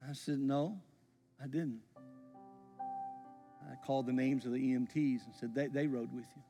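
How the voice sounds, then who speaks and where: A man, preaching a sermon as a pastor, his voice swelling with feeling and then falling to a near hush. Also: medium pitch, fairly even intonation, moderate pace, music in the background. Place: church sanctuary. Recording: long reverb in a large hall.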